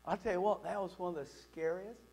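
A man preaching a sermon as a pastor, telling a personal story in an animated, conversational way. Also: sits high, a little fast, slightly rough, low-quality recording.

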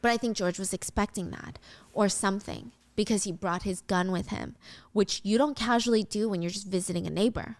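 A woman's voice: medium pitch, brisk, darkish tone, dry recording. A young woman host casually retelling a film plot scene by scene, with vivid detail. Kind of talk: casual storytelling recap.

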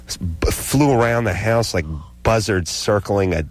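A man's voice: lowish voice, a little slow. A man co-hosting a talk radio show, telling a comic story in a sarcastic, ranting way. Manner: sarcastic, ranting, animated delivery. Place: radio studio.

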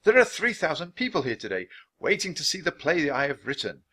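A man's voice: fairly high pitch, sing-song, a little fast, sharp tone, slightly rough, voice pushed up, heavily acted. A man reading a storybook aloud, voicing a kindly, theatrical playwright with a courtly, old-fashioned manner.

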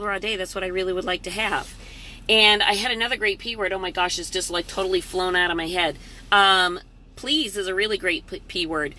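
Bright upbeat woman chatting from her truck. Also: mid-range voice, slight background noise. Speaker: vlog host. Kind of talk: casual live-stream chat. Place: parked truck at a rest area.

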